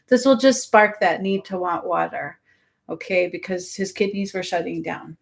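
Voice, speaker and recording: A woman doing an animal healing session on a live stream, talking in a soft, meandering way full of fillers and restarts, often describing symptoms as if she feels them herself. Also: fairly low pitch, normal speed, vocal fry. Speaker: animal energy healer.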